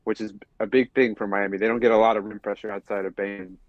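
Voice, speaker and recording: A man's voice: on the low side, steady tone, quick pace, dry recording, lo-fi sound. A man co-hosting a sports podcast, rambling with many fillers. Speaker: podcast co-host. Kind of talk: casual sports talk.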